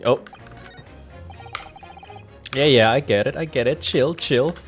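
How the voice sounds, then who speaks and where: A man's voice: medium pitch, slow pace, faint music behind. A man dubbing a video game, making casual, amused asides. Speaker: let's-play voice actor.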